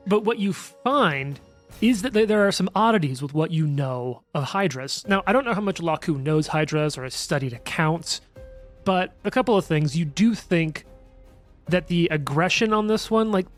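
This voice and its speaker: A man's voice: sits high, lively intonation, normal speed, soft background music. A man narrating as game master of a tabletop role-play, rambling with many fillers and restarts. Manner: rambling, filler-heavy, laughs easily.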